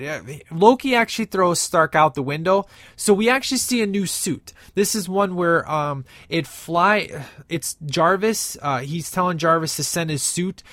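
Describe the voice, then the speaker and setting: A man's voice: a little high, fairly bright tone, no echo, studio quality. A man giving a casual, enthusiastic movie review, rambling with many fillers and restarts.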